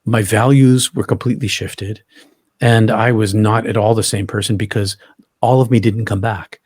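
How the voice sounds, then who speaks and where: A man telling his own story as an interview guest, halting, often restarting and repeating words. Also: on the low side, steady tone, darkish tone, breathy edge, no echo, clean studio sound.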